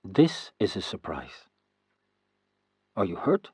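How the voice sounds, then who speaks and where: A man reading the lines of a proud young noblewoman, newly wed as a queen, in a measured, composed way for an audiobook. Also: deep voice, huge pitch swings, a little mellow, slightly rough, no room sound, full character voice. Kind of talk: audiobook character voice.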